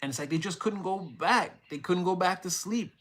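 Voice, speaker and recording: A young man with a high-pitched, fairly bright voice gives a live-streamed tarot reading at a moderate pace. He rambles emotionally and swears casually while talking to his chat.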